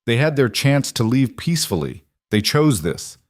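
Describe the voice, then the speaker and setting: A man's voice: medium pitch, sing-song, moderate pace, no echo, clean studio sound, voice pushed up, natural voice. A man voicing a cold, ruthless male militia captain who gives orders curtly. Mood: angry scorn. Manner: curt, commanding.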